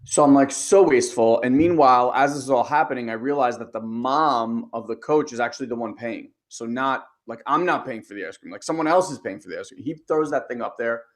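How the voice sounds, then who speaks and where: Animated man telling a personal story. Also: mid-range voice, a little fast, few pauses. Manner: animated storytelling, acts out his inner voice. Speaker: podcast co-host. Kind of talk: casual chat.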